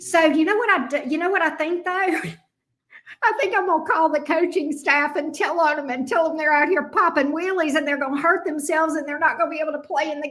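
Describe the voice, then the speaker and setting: Woman, high register, casual profane live-stream chat from a home office. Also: pushed and bright. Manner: profane, chatty, self-mocking. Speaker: tarot reader. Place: home tarot office room.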